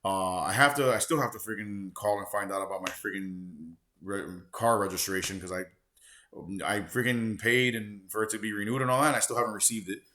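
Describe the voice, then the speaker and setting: A man's voice: fairly low pitch, brisk, pushed and bright, slight background noise. A man of forty hosting a gaming channel, rambling casually in a loose, profane, slangy way. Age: 40s.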